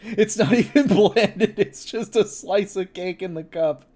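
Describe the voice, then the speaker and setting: Laughing, slow-talking male streamer. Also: sits high. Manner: excitable, laughs often, swears, exclaims in mock horror. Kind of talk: casual livestream chat.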